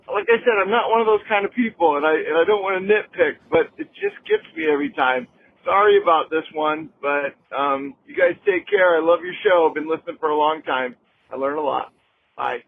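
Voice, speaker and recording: A man's voice: high voice, vocal fry. Guy leaving a podcast voicemail, kinda hesitant, sorry-sounding, over a phone line. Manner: apologetic, hesitant, self-deprecating. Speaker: voicemail caller. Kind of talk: recorded voicemail message. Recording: tinny phone line with faint noise.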